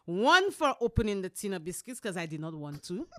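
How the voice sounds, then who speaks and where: A woman, co-hosting a podcast and telling a story with lively acted-out dialogue and some swearing. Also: medium pitch, brisk, dry recording, clean studio sound. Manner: expressive, swears, acts out dialogue. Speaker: podcast co-host. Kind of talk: animated storytelling rant.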